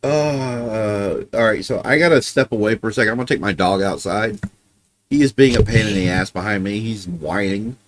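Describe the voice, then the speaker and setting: A man's voice: on the low side, moderate pace, slight background noise. A man chatting casually on a live stream, blunt and grumbling, with plenty of swearing.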